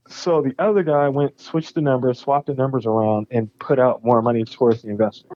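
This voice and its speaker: A young man, a game studio founder and podcast guest, telling a story with animated, profane energy and acting out both sides of the conversations. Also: mid-range voice, brisk, few pauses, highs cut off, a little hiss or hum. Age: young adult.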